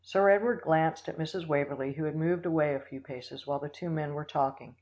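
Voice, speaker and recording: An audiobook reader narrating a classic story in a steady, measured way. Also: medium pitch, rough recording. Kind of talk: scripted narration.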